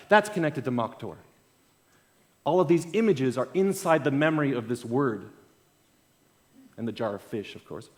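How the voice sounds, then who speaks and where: A man giving a storytelling keynote talk at an event. He swings between loud bursts and quiet asides. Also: on the high side. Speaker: conference speaker. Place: event stage.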